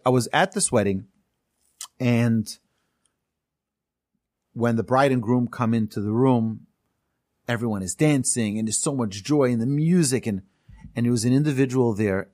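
A man's voice: mid-range voice, a little mellow, dry recording. Male teacher with a mid-range voice and an earnest, emphatic storytelling manner, dry close sound. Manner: slows down to stress key phrases. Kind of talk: class talk with stories.

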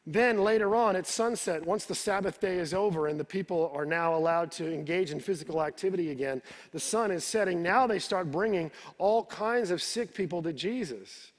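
A man's voice: high-pitched, moderate pace, hardly any pauses. A male pastor preaching a sermon, retelling the scripture in his own words and repeating words as he builds each point. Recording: reverberant hall.

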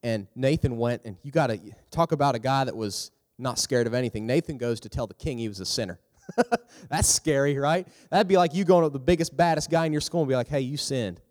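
A man giving a youth sermon in a lively, storytelling manner, acting out the characters as he talks. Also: a little fast. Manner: animated, acts out characters with big pitch jumps. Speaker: youth pastor. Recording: long hall reverb.

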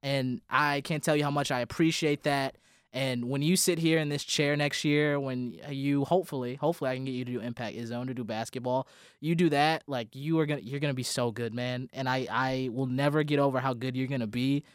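Young male student broadcaster, sentimental farewell, smooth clear voice, dry studio sound. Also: mid-range voice, steady tone, brisk, no echo. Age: young adult. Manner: rambling, heartfelt, with restarts and laughter. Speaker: college radio host. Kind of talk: emotional farewell speech on air.

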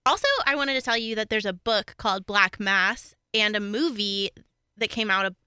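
A woman's voice: mid-range voice, moderate pace, bright, forceful tone, clear, resonant tone, dry recording, studio quality. A woman co-hosting a casual true-crime podcast. She teases her co-host and adds asides and recommendations.

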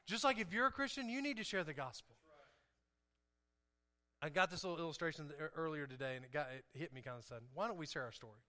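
A man preaching a sermon to his congregation, animated and asking the room questions. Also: a little high, fast talker. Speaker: pastor. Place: church sanctuary. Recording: long hall reverb.

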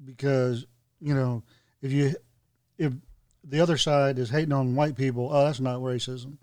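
Man, middle pitch, dry close sound, blunt opinions, casual podcast chat. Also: fairly even intonation, moderate pace, darkish tone, no echo.

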